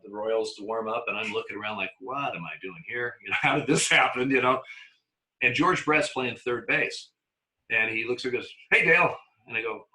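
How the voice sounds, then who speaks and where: A man, a former umpire, telling lively anecdotes in an interview, with frequent restarts and acted-out quotes. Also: medium pitch, low-quality recording. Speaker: retired baseball umpire guest. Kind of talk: storytelling in a conversational interview.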